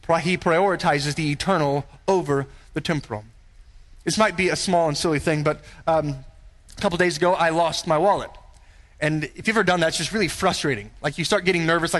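A man with a high voice preaches from the pulpit. His delivery is earnest and emphatic, and he keeps turning to rhetorical questions. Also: brisk, a bit bright. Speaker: pastor. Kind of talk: sermon.

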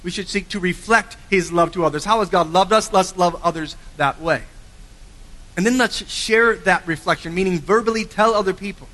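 A man preaching a sermon with earnest emphasis, swinging from forceful lines to quiet, low endings. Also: moderate pace. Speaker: pastor. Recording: long hall reverb.

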